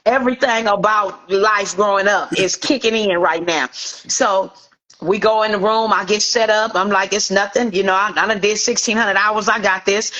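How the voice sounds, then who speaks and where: A middle-aged woman from Inglewood, California, a celebrity hairstylist telling an animated story and acting out the voices of the people in it. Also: mid-range voice, rough recording. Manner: acts out quoted voices, lively anecdotal.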